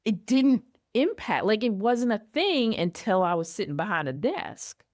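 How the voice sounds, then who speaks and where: A middle-aged woman speaking candidly as an interview guest, telling personal stories in a lively way and acting out her own past reactions. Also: mid-range voice, moderate pace, no echo, clean studio sound. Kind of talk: candid conversational storytelling.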